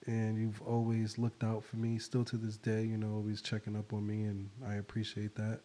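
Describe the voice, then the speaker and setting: A man hosting a podcast, talking in a relaxed, rambling way with plenty of fillers. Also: lowish voice, normal speed. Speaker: podcast host. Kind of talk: casual chat.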